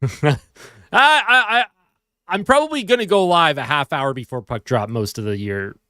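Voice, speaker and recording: A man's voice: medium pitch, lively intonation, brisk, fairly bright tone, dry recording, studio quality. A man hosting a casual live fan stream, chatting and answering viewer comments while sleepy and yawning at home. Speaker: livestream host.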